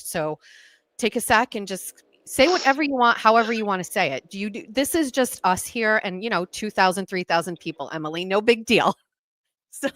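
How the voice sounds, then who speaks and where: A woman's voice: mid-range voice, a bit bright, no room sound. A woman hosting a livestream talk show, speaking in a reassuring, encouraging way.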